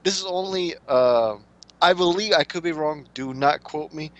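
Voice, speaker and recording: A man's voice: fairly high pitch, moderate pace, lo-fi sound. Hesitant, defensive man. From Europe. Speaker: podcast co-host. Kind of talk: casual chat.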